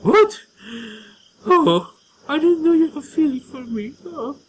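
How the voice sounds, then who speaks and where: A man's voice: very high-pitched, lively intonation, slow pace, pitched above the performer's own voice, full character voice. A man voicing a brash tomboyish girl who teases in a mock-dramatic way. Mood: teasing.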